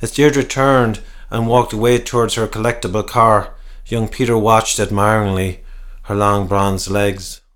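A man's voice: lowish voice, fairly even intonation, a little slow, a bit bright. A man narrating a comic horror tale in a wry, dramatic way. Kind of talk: storytelling narration.

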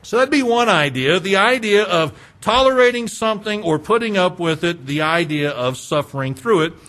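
A man preaching a sermon, earnest and pleading, asking his congregation questions and slowing down for emphasis. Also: high voice, lively intonation, sharp tone. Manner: talks directly to congregation with rhetorical questions. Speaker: pastor.

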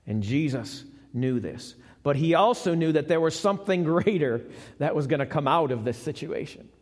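A man's voice: fairly high pitch, animated, normal speed. A man preaching a sermon live in a church, talking conversationally and putting questions to the congregation. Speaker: pastor. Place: church sanctuary, recorded live. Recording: long church hall reverb.

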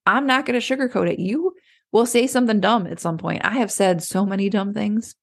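A woman coach talks in a relaxed, conversational way, as if chatting with a friend. Her voice carries a noticeable gravelly fry. She keeps slipping into little acted-out inner voices to make her point. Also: mid-range voice, brisk. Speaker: clarity coach. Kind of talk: casual motivational talk.

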